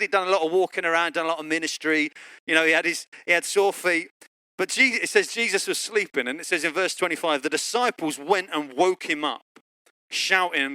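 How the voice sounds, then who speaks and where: Bright, lively preacher man. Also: a little fast, no echo, clean studio sound. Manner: lively storytelling, acting out quotes with big pitch jumps. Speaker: pastor. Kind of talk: sermon. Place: church online service.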